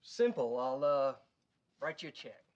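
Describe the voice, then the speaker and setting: Laid-back ex-boyfriend, easygoing, self-pitying, mid voice. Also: male voice, medium pitch, big pitch swings, measured pace, dull audio.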